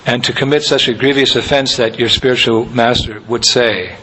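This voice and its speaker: A man giving a conversational sermon as a spiritual teacher, telling anecdotes with soft laughs. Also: medium pitch, fairly even intonation, moderate pace, a little hiss or hum, low-quality recording.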